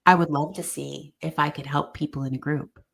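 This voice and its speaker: A middle-aged woman with a low, gravelly voice tells a story to a podcast host. She acts out the voices of the people she quotes with lively animation. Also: fairly quick. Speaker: guest. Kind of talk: storytelling in conversation.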